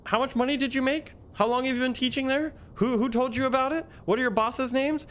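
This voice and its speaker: A man puts on a brusque police interviewer, clipped and questioning, pushed well above his natural pitch. The delivery stays curt throughout. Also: fairly even intonation, a little fast.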